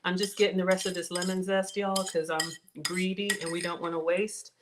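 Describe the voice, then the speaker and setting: A middle-aged woman, hosting a casual cooking livestream, chatty and excitable, talking straight to her viewers. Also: lowish voice, normal speed, noisy background. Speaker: home cook livestream host.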